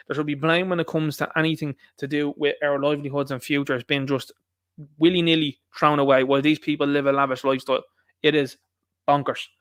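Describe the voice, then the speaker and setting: An Irish man rattling through an opinionated political rant at a quick clip. His voice sits a little high for a man and sounds close and dry, with no room around it. He keeps firing rhetorical questions at his viewers. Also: a bit bright, dry recording. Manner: indignant ranting with rhetorical questions. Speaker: live stream host.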